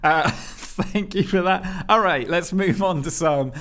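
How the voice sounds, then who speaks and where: A man co-hosting a podcast, reading listener emails aloud in casual chat, often laughing, with his pitch jumping around. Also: measured pace. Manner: chatty and laughing, reads emails aloud with lively pitch jumps. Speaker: podcast co-host.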